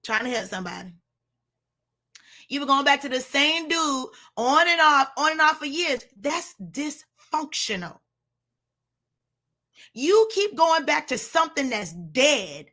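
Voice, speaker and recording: High, bright-voiced woman preaching bluntly. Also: very animated, unhurried, long pauses. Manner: blunt, preachy, addresses listeners as sis and y'all. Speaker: motivational speaker. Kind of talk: motivational live talk.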